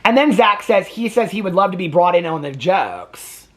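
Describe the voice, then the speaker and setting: In his reality TV reaction video, the male host offers casual commentary full of indignant ranting and free swearing. He speaks at a moderate pace in a high voice with lively intonation.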